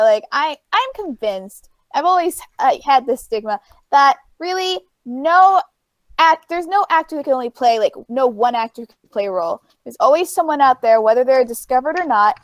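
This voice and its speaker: A woman with a high voice co-hosts a podcast, musing in a hesitant way with many fillers. The sound is dry and close. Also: no room sound. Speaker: podcast co-host. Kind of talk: casual chat.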